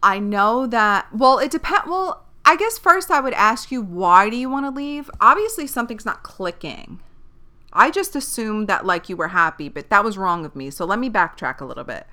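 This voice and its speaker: A woman's voice: medium pitch, very animated, normal speed, bright, forceful tone. A young woman hosting a podcast, talking casually and candidly like a big sister, rambling, correcting herself and swearing freely. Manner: chatty, rambling, self-correcting. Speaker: podcast host. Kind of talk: casual advice chat.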